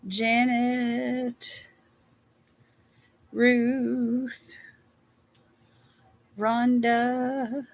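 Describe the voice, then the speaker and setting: A woman's voice: fairly high pitch, little pitch movement, extremely slow, long pauses. A woman, chatting casually with viewers as a livestream host and reading their names aloud. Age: 60s.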